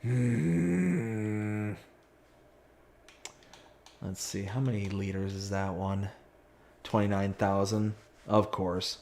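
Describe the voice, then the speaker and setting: A man's voice: on the low side, a little mellow, a little hiss or hum. A man live-streaming a farming game, chatting casually, reading viewer comments aloud and mocking himself in sudden outbursts of frustration. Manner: exclaims in sudden bursts of frustration. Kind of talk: live-stream gameplay chat.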